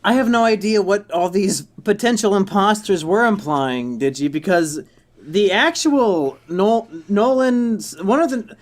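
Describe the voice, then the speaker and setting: A man hosting a comedy podcast and playing voicemails, wry and quick to curse. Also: high voice, animated. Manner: wry, dry, with curses and laughs. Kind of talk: casual podcast banter.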